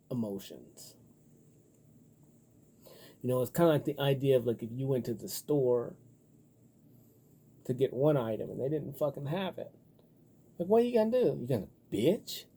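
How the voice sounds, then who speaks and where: Very dark, husky-voiced man rambling. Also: mid-range voice, normal speed, long pauses. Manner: profane, loose and rambling, heavy on filler words; animated when riled up. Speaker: vlogger. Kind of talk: rambling casual monologue.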